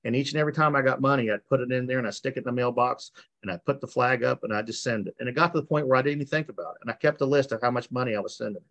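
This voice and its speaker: A man's voice: medium pitch, racing, a bit bright. A middle-aged man giving an earnest, emotional personal testimony over a video call, repeating himself as he tells his story. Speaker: speaker sharing his recovery story. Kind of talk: personal testimony at a recovery meeting.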